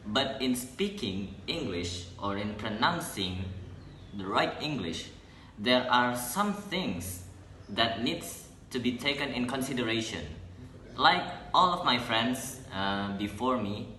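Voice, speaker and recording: A young man, a student presenting an English lesson in a halting way, correcting himself as he goes. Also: mid-range voice, expressive, bright, forceful tone, a little hiss or hum. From Indonesia. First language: Indonesian. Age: young adult. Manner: halting, with restarts and self-corrections. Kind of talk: classroom explanation. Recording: echoey room.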